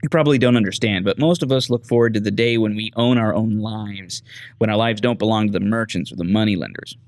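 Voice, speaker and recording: A man's voice: fairly low pitch, quick pace, no room sound, close to an everyday voice. A man voicing a chatty female weapon-shop owner from a video game, telling gossip in an earnest, confiding way. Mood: gossipy.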